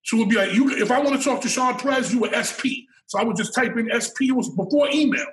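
A middle-aged man telling a story in a casual, animated and profane way, repeating words as he builds up. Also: very high-pitched, quick pace. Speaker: storyteller guest. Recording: roomy sound from a distant mic.

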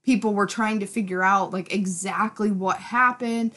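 A woman in her thirties chats on a casual podcast, her throat a little hoarse. She rambles animatedly, stringing thoughts together with plenty of fillers. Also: mid-range voice, fairly even intonation, normal speed, fairly bright tone. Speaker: podcast co-host. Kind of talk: casual chat.

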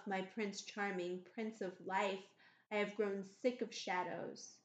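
A woman's voice: mid-range voice, echoey room, close to an everyday voice. A woman reading aloud, voicing a dreamy, devoted young actress in a lingering, lyrical way. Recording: slightly muffled recording.

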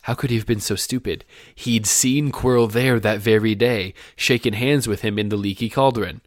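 A man's voice: on the low side, steady tone, moderate pace, dry recording, clean studio sound. A man hosting a podcast, reading a book aloud and joking between passages. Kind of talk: casual read-aloud podcast.

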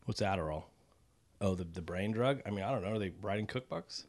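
Brief: American male co-host, low voice, profane and rambling chat. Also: animated, fairly quick. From United States. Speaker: podcast co-host. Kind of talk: casual chat.

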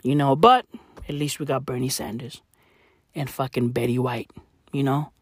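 A woman delivering a profane comedic rant, full of slang, dropping to low mutters and then jumping to high shouted outbursts. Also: steady tone, normal speed, long pauses, breathy edge, no echo, clean studio sound. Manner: heavy slang fillers. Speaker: comic ranter.

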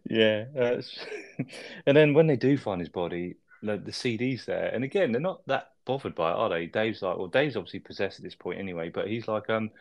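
A man talks over film scenes in casual podcast chat, often ending with "isn't it?" His voice sits a little low, and he swears freely as he recaps. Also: lively intonation, a little fast. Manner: sweary, chatty, seeks agreement with tag questions. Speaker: podcast co-host reviewing a film.

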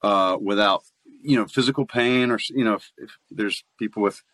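A low-pitched American man chatting in an interview. He laughs easily and often restarts his sentences. The sound is dry and close to the mic. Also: moderate pace, a bit bright, no echo. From United States. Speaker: voice actor guest. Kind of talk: casual interview chat.

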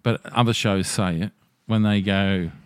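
A man's voice: lowish voice, fairly even intonation, measured pace, clean tone, no room sound, clean studio sound. Blunt, sweary man. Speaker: podcast co-host. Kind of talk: casual chat.

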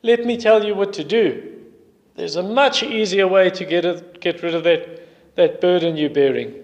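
A man voicing a smooth-talking male schemer who waves off other advice and pushes an easier way. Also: high-pitched, moderate pace, natural voice. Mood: persuasive. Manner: dismissive, persuasive. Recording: long hall reverb.

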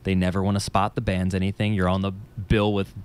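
Deep-voiced and brisk with a clean tone, this musician tells stories and chats casually on a podcast. His voice is a little nasal, and he swears freely as he animatedly spins his tales.

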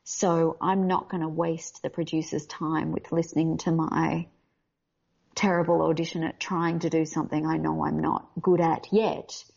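Australian actress, husky and gravelly, candid and animated, recorded on dull lo-fi audio. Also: female voice, low voice. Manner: candid, animated, quick to laugh. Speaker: voice actor guest. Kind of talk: casual interview talk.

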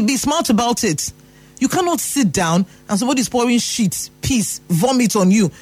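A Nigerian man giving an emphatic motivational talk, repeating phrases for emphasis. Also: very high-pitched. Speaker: motivational speaker.

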